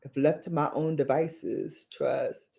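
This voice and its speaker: A woman's voice: low voice, steady tone, slow, creaky, mellow. A woman hosting a casual livestream, chatting with viewers in a playful, laughing way and repeating phrases for emphasis. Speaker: beauty livestream host.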